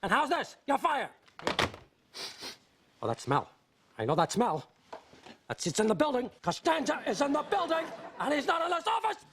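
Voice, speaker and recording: Blustery, rambling team owner; high, lively voice, sitcom boss. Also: male voice, moderate pace, long pauses, background noise, heavily acted. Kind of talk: sitcom acting.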